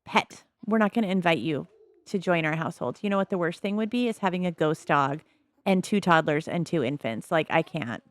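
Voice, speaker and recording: A woman chatting casually as she plays a life-simulation game, musing aloud with soft laughs. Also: on the low side, a little fast, no room sound. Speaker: gameplay commentator.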